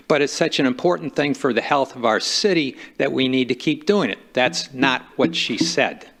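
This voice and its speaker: A man's voice: mid-range voice, creaky, a bit bright. A man giving an insistent, argumentative public comment at a city council meeting. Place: council chamber podium.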